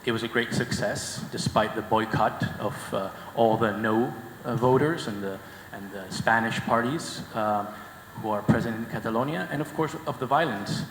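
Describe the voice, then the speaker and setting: A man from the audience asking a question at a conference, earnest and halting, with many fillers. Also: mid-range voice, fairly bright tone. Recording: echoey hall, faint background noise.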